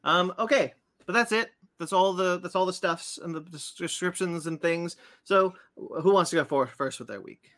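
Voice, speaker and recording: A man in his thirties co-hosting a podcast, excitable and teasing as he runs through announcements. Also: high voice, moderate pace. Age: 30s. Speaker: podcast co-host. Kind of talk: casual podcast chat.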